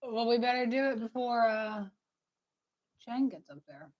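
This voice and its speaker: A woman playing along in a tabletop game, chiming in with quick suggestions and reactions in casual chat. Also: fairly high pitch, animated, highs cut off.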